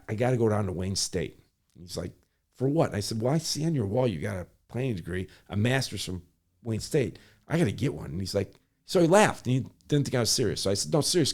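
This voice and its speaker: Lively middle-aged storyteller, low male voice. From Michigan, USA. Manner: acts out quoted voices, rapid self-corrections. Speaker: guest, public servant. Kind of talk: animated storytelling in conversation.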